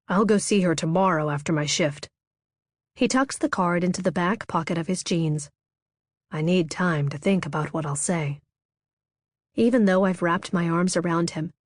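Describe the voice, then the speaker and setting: A woman narrates a first-person romance audiobook in a measured, intimate way. Her voice sits lowish. The recording is close and dry, made on a studio microphone with no room sound. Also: a little mellow, dry recording.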